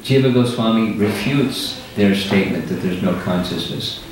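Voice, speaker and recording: A man's voice: lowish voice, normal speed. An older man, a spiritual teacher, explaining ideas in a thoughtful, patient way during a lecture with audience questions. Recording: roomy hall, distant mic, faint noise.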